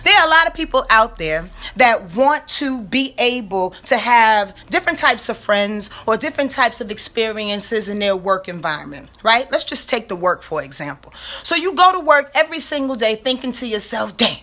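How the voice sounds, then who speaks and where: A woman astrologer giving a casual weekly rundown, slangy and animated, talking straight to her listeners. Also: fairly high pitch, moderate pace.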